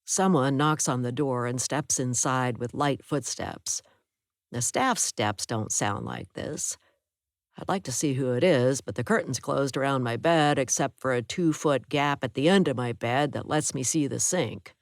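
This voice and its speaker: A woman with a low voice reading an audiobook aloud. She narrates steadily in the first person. The sound is close and dry. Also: measured pace, no echo.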